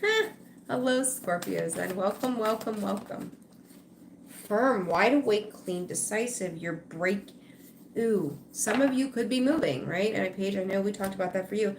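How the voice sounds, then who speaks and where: A woman's voice: medium pitch, unhurried, background noise. A woman giving a live-streamed tarot reading, rambling conversationally and talking straight to her viewers. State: tired, yawning. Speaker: tarot reader.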